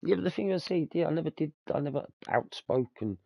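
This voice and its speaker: A man's voice: fairly high pitch, expressive, fast talker, creaky, no echo, lo-fi sound. A young man, telling stories in casual chat, swearing freely and dropping slang like mate and bruv. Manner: swearing, storytelling, laughs often, uses slang like bruv and mate. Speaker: podcast host.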